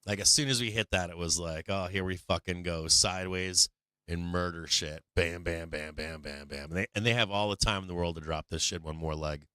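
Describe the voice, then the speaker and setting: A man's voice: low-pitched, brisk, pushed and bright, clear, resonant tone, no room sound, clean studio sound. A man hosting a live stock market stream, telling a rambling, profane story with lots of fillers between market remarks.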